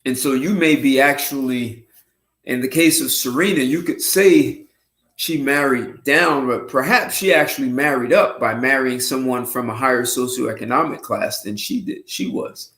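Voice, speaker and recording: A man hosting a casual livestream show, talking in an unhurried, musing way with frequent restarts and throat clearing. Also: mid-range voice, a bit bright. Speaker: host. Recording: roomy echo.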